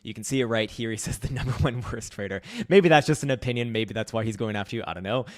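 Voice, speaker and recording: A man hosting a crypto market show, ranting with profanity and loud outbursts, muttering while he fixes his setup. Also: on the low side, very fast. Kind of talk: casual livestream commentary.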